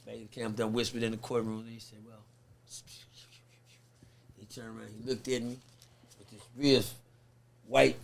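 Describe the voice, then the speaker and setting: A man, telling a story in a sit-down interview. He talks in an animated, profane way and acts out the people he quotes. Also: medium pitch, fast, vocal fry. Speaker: guest.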